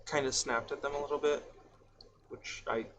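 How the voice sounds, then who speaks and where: A man's voice: medium pitch, steady tone, normal speed, a bit bright, slight background noise, natural voice. A man playing a roleplay character, talking in a hesitant, stop-start way. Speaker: roleplay character listening and then recounting. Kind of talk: casual in-character roleplay chat.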